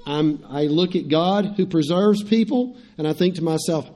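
A man's voice: fairly high pitch, moderate pace, few pauses, warm tone. A middle-aged man, preaching a sermon in a conversational way, repeating phrases and turning to the congregation with asides. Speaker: pastor.

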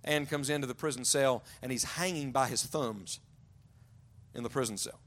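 A man preaching a sermon to young adults, telling stories and often dropping to a hushed, low voice for emphasis. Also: normal speed. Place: large church auditorium.

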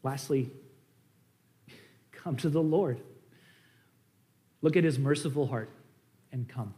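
A man preaching a sermon as a pastor, impassioned, rising to loud emphasis and dropping to quiet pleading. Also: medium pitch, slow pace.

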